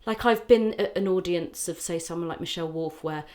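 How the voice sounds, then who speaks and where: A woman comedian talking as a guest in a quick, animated, chatty podcast conversation. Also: fairly low pitch. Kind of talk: casual podcast chat.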